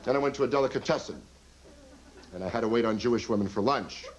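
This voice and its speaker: A man performing a wry, deadpan stand-up routine on a TV show in front of a live studio audience. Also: medium pitch, fast, muffled recording. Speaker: stand-up comedian. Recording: old TV tape, audience noise.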